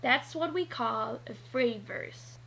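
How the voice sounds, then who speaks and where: A woman with a high voice narrates a scripted lesson at an unhurried, careful pace. Her tone is bright, and she spells out letters one at a time. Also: expressive, vocal fry, a little hiss or hum, low-quality recording. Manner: slow and deliberate, spelling out letters. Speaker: teacher.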